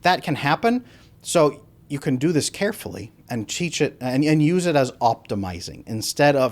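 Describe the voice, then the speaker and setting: A man's voice: medium pitch, moderate pace, creaky. A man speaking as an attachment coach, teaching how to give feedback and acting out sample dialogues as he goes. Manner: animated, acts out sample dialogues. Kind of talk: instructional talk to camera.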